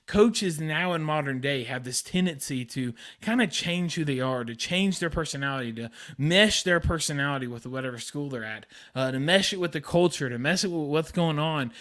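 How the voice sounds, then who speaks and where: A young man runs a sports podcast in casual chat. His voice sits a bit high for a man, and he hammers his points home with eager, repeated phrases. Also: fairly bright tone. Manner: enthusiastic, repetitive emphasis. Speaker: podcast host.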